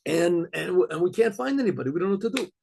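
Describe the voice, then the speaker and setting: A man's voice: high-pitched, animated, racing, creaky, mellow, slightly rough, full character voice. A man doing grumbling estate managers. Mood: exasperated.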